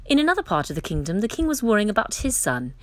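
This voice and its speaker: A woman reading a children's story aloud as the storyteller, in an expressive, lilting way. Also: medium pitch, quick pace, no echo.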